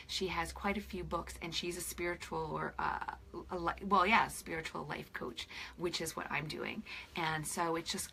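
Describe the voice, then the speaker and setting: A woman in her forties, a spiritual life coach, chatting on camera to her followers, teary and emotional, often dropping into soft whispers. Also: lowish voice, creaky, a little hiss or hum. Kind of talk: casual direct-to-camera chat with followers.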